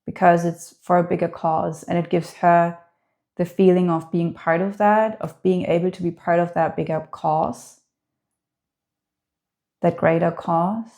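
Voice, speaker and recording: Slow, gravelly-voiced woman reading tarot. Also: lowish voice, flat delivery, darkish tone. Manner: hesitant, full of filler words. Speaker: tarot reader.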